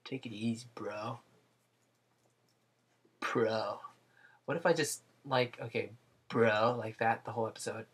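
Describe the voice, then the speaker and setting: A man's voice: lowish voice, fairly even intonation, a little slow, long pauses, a bit bright, breathy edge. A man hosting a live drawing stream, rambling and joking with viewers and talking himself through his work. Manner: rambling, jokey, talks to himself while working. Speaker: livestream artist host. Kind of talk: casual chat while drawing live.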